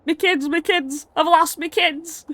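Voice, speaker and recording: A panicked, scatterbrained father, put on by a woman, his voice jumps up high and gets loud. He stammers and repeats himself. A tabletop-game character voice. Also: fairly even intonation, unhurried, dry recording.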